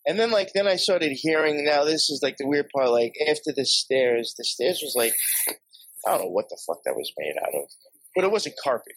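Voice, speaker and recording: A man's voice: a little high, big pitch swings, brisk, a bit bright, breathy edge, dry recording, poor audio. Swearing New York man telling a ghost story. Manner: rambling, heavy swearing, laughs often. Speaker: podcast guest. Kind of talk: casual storytelling.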